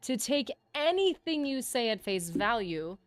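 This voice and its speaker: Excitable woman gaming streamer. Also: on the high side, unhurried, no echo. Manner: animated, excitable, chatty with chat. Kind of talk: casual livestream chat.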